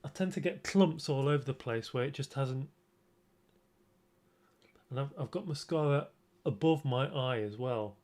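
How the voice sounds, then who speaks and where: Here a man streams himself applying makeup, talking at a relaxed, slow pace in a middle-range voice. His livestream chat is rambling and self-deprecating, broken up by frequent restarts.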